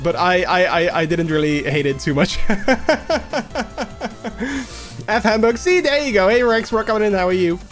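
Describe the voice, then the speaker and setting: A slightly high-voiced young man chats casually on his livestream, stumbling through restarts and fillers as he rambles on. He sounds a bit under the weather, with faint music playing behind him. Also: a little fast, hardly any pauses. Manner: acts out quoted people in a raised voice. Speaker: livestream host.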